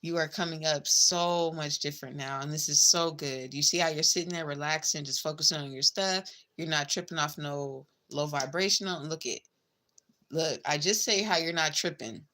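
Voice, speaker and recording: A woman's voice: sits low, normal speed, sharp tone. A woman giving a casual tarot reading, chatty and blunt, swearing freely and calling the listener babe and girl. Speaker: tarot reader.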